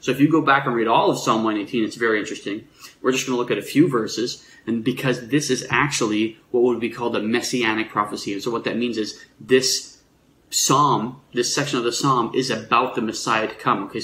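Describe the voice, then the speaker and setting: A man giving a sermon in a relaxed, explanatory way, with frequent fillers and restarts. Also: mid-range voice, roomy sound, slight background noise, poor audio. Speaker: preacher.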